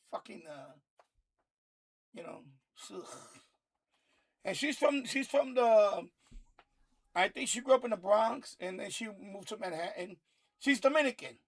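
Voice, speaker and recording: High-voiced man in a profane rant. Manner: heated, profane, repetitive ranting. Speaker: live stream host. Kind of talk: casual ranting commentary.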